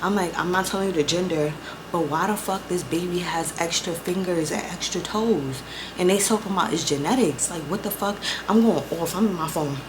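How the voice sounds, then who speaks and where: A woman's voice: lowish voice, fairly quick. Young woman vlogger going off about her story, cussing a lot, acts out every convo, some background noise. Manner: profane, animated storytelling with quoted back-and-forth. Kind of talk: casual storytime chat.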